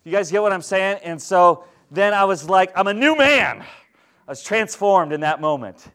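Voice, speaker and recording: A man's voice: high-pitched, moderate pace, a bit bright, smooth. A male pastor giving a candid, conversational sermon to his congregation, often asking them rhetorical questions. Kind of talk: storytelling sermon.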